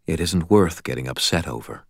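A man voicing a calm, sorrowful male archangel in an audiobook, speaking in a measured, quietly firm way. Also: rumbling low, no echo, studio quality, full character voice. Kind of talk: audiobook character voice.

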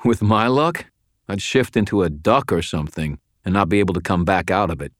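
A man narrating a first-person audiobook in a steady, understated, subdued way. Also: deep voice, fairly quick, no room sound, clean studio sound.

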